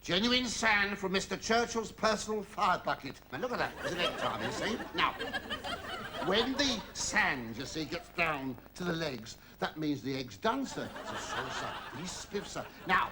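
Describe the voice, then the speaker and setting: An actor voices a cheeky, innuendo-laden army batman who fawns over his colonel and chatters on in a British sitcom. He speaks at a moderate pace in a high, sing-song voice, and the recording carries noise and hiss.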